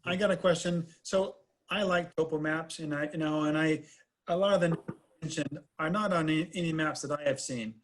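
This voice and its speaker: A man's voice: a little high, a little fast, slight background noise. A man co-hosting an interview, asking a question in a loose, rambling way. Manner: rambling, circles back while asking.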